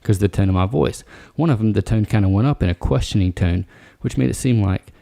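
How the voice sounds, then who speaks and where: A man's voice: on the low side, a little fast, vocal fry, mellow. A man hosting a solo podcast, giving workplace advice in a casual, direct coaching tone. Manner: casual, direct, coaching tone with frequent "all right". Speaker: podcast host.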